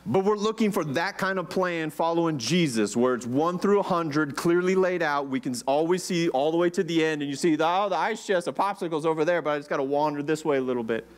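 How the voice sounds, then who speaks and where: A man's voice: on the high side, fast, few pauses. A man preaching a conversational sermon, asking the congregation questions. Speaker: pastor.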